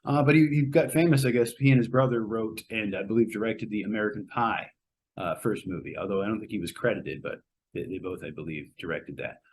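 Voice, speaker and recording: A man casually reviewing a movie on a podcast, rambling and hesitant, with many pauses and fillers. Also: lowish voice, slight background noise. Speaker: podcast co-host reviewing a film. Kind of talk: casual spoken film review.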